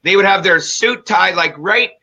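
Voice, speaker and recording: Fired-up fast-talking male host, bright. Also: high-pitched. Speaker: show host. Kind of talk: energetic conversational interview. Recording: dull lo-fi sound.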